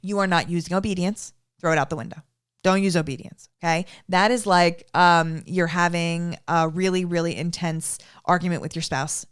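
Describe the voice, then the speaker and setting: A young woman with a slightly low voice explains dog training in an emphatic, instructional way. She keeps checking in with her listeners by asking "okay?", like a coach talking to camera. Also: moderate pace, clean tone.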